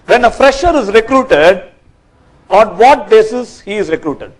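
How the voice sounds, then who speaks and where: A man gives a corporate training talk from a workshop stage, lively and quizzing his audience. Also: high-pitched, unhurried, poor audio. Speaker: workshop speaker.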